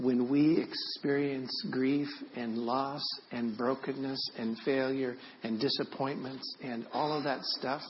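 A man's voice: mid-range voice, highs cut off. A man in his sixties, a pastor preaching a sermon, telling stories with earnest feeling. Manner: storytelling, drops to soft and slow when emotional.

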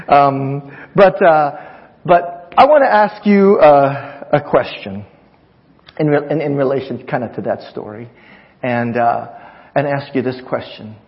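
A man's voice: mid-range voice, slow pace, long pauses. A pastor preaching a sermon, friendly and chuckling, acting out voices in his stories. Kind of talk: sermon with humorous story. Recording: dull recording in a reverberant church hall.

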